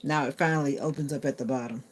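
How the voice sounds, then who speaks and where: A woman's voice: extremely low pitch, fairly even intonation, quick pace. A woman chatting casually on a live stream, answering viewer comments aloud and talking to her phone. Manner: talks to her phone assistant.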